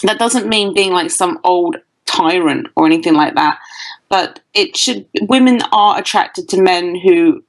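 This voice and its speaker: A woman's voice: on the low side, a little slow, low-quality recording. A woman with a British accent, a dating coach guest on an interview podcast, talking bluntly and emphatically. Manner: emphatic, blunt advice-giving.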